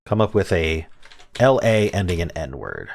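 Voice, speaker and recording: A man's voice: low-pitched, big pitch swings, moderate pace, vocal fry. A man hosting a word puzzle video, thinking aloud in casual commentary with muttered half-sentences. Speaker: word game video host.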